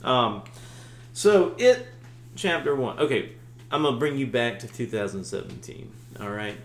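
A man co-hosting a podcast in casual chat, animated and swearing freely, slipping into mock voices. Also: mid-range voice, moderate pace, gravelly, reverberant. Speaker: podcast co-host.

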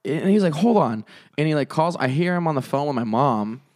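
A man's voice: fairly high pitch, animated, fairly quick, darkish tone, dry recording, clean studio sound. A man telling a long story in casual chat, rambling with lots of filler words and swearing.

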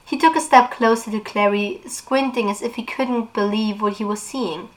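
A woman's voice: mid-range voice, steady tone, moderate pace, fairly bright tone, low-quality recording. A woman book vlogger recapping a plot in casual chat, with fillers, and reading a novel aloud.

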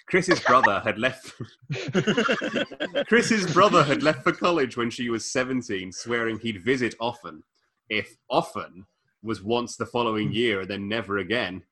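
Man, husky, bright tone, lively pitch, mock-dramatic book reading. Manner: reads in an arch mock-dramatic voice, breaks into laughter. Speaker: podcast host reading a novel aloud. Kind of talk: comedic book reading with banter.

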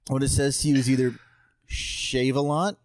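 Male podcast guest, casual and jokey, rambling delivery, mid pitch, dry close-miked sound. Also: flat delivery, normal speed, no echo. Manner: joking, rambling, swears casually. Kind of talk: casual chat.

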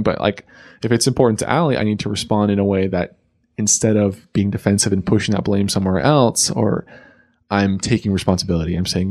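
A man's voice: lowish voice, steady tone, a little mellow. A man co-hosting a podcast, explaining relationship advice in a casual chat peppered with "like.". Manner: quick, explanatory, many "like" fillers. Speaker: podcast co-host.

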